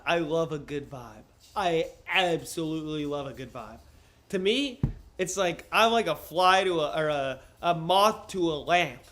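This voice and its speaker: Sitting on his couch at home with headphones on, a young streamer with a slightly high voice talks in an echoey room. Loud, joking and profane, he chats casually with his audience and reads things aloud to them.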